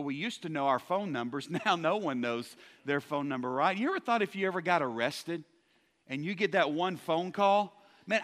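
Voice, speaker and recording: A man preaching a sermon to a congregation, energetic and joking, often stumbling into quick restarts as he talks. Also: high-pitched. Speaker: pastor. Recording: long hall reverb.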